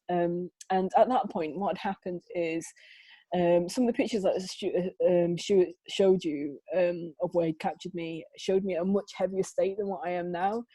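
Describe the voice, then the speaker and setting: A woman, a photographer, recounting her work in an animated way over a video call, laughing often and restarting her sentences. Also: fairly low pitch, no echo, poor audio. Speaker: photographer, guest. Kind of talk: conversational interview storytelling. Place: home, remote conversation.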